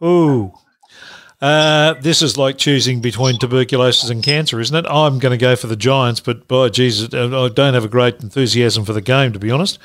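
A man's voice: mid-range voice, moderate pace, fairly bright tone. A middle-aged Australian man hosting a casual sports chat, playful and announcer-like, laughing often. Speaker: host.

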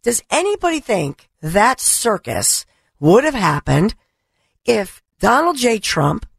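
A middle-aged woman hosting a talk radio show, her voice hoarse from allergies, delivering an impassioned, indignant monologue. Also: a little high, very animated, takes it slowly, no room sound, clean studio sound. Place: radio studio. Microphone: studio microphone.

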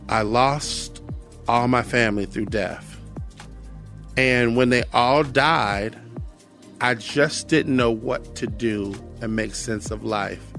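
A man's voice: medium pitch, creaky, a bit bright. An earnest middle-aged American man sharing a personal testimony, reflective, often repeating phrases. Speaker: guest sharing his testimony.

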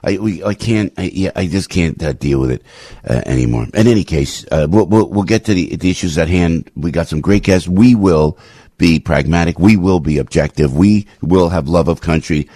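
Man, radio host, deep husky voice, heated rambling monologue, dry studio sound. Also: normal speed, warm tone, dry recording. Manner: rambling, impassioned, frequent restarts and sudden pitch jumps. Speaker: radio talk show host. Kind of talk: opinionated talk radio monologue.

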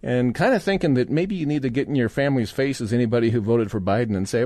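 Sarcastic talk radio host, dry studio. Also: male voice, medium pitch, quick pace, few pauses, mellow, no echo. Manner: sarcastic, rambling, mock-indignant asides. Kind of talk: conservative talk radio monologue. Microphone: studio microphone.

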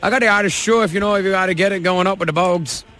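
A radio host putting on a clumsy fake Irish accent as a rambling, stumbling caller on a prank phone call. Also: male voice, sits high, quick pace, gravelly, sharp tone, a little hiss or hum, full character voice. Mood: bumbling. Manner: rambling, stumbling, mumbled nonsense, laughing fits.

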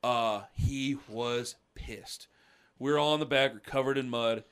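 Animated storytelling man, bright voice. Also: mid-range voice, measured pace, clean tone. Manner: animated, acts out voices of people in his story. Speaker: podcast co-host. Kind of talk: casual storytelling.

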